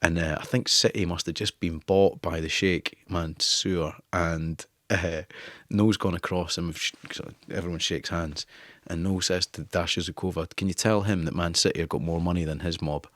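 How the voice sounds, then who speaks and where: Low-voiced Scottish man telling stories. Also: fairly even intonation, moderate pace, few pauses, a bit bright, dry recording, clean studio sound. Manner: swearing, laughing storyteller. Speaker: guest, former newspaper editor. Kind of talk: casual interview anecdotes.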